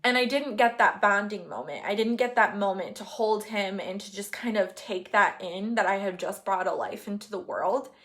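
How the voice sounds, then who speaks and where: A young woman, a vlogger, tells a personal story in a candid, chatty, rambling way, with plenty of "like" and "you know". Her voice sits at an ordinary middle pitch for a woman. She is open and unguarded, and emotion sometimes breaks through as laughter or tears. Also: normal speed, few pauses, fairly bright tone. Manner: gets emotional, laughing and crying. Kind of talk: casual chat.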